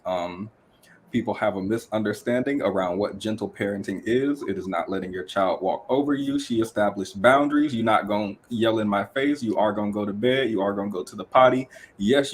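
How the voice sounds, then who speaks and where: Brief: male podcast host, lowish voice, emphatic and opinionated, casual panel chat. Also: slight background noise.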